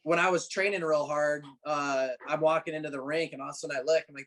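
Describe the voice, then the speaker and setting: A man's voice: fairly high pitch, fast, hardly any pauses. Chatty young man telling hockey stories. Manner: relaxed storytelling with frequent fillers and restarts. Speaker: guest, former college hockey player. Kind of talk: casual interview chat.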